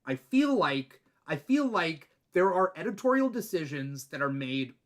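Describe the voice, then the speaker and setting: A man hosting a casual comics chat, excitable and opinionated, swearing now and then. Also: a little high, unhurried. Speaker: host.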